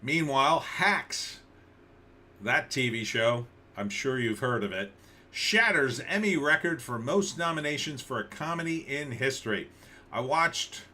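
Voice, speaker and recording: A man's voice: medium pitch, sharp tone. A man hosting a casual livestream, commenting on news with sarcasm and rambling restarts. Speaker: livestream host.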